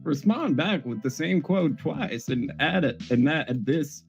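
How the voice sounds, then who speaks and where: A man's voice: fairly high pitch, expressive, creaky, faint music behind. A man voicing a prim female messenger who sounds like a stiff Southern belle robot, reading out a stern warning. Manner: stiff, halting reading, breaking into laughter.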